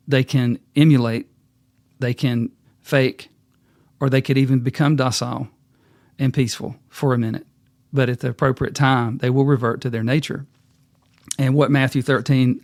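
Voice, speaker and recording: A man's voice: mid-range voice, no echo, clean studio sound. A man hosting his own show, telling a fable and drawing folksy, sermon-like lessons in a plain-spoken way. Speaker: host and speaker. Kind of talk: storytelling talk with sermon-like lessons.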